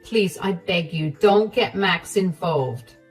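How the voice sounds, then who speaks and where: A woman's voice: lowish voice, takes it slowly. A woman voicing a scheming older mother-in-law who stutters and pleads desperately. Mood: pleading. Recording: distant voice, faint music.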